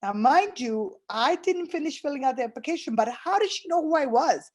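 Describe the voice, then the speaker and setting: A woman's voice: high voice, animated, brisk, hardly any pauses, darkish tone, dull audio. Earnest middle-aged woman telling her story. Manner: earnest, retelling dialogue with fillers and restarts. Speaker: program client giving a testimonial. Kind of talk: personal testimonial.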